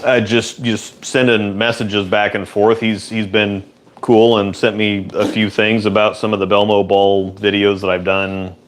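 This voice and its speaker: Low-voiced man chatting casually in a shop. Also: unhurried. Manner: relaxed, rambling, chatty. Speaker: host. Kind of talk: casual chat answering viewer questions. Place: indoor workshop.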